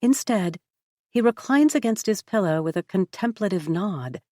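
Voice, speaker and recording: A woman narrating a first-person historical novel as an audiobook, measured and reflective. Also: mid-range voice, animated, dark tone, no echo, clean studio sound.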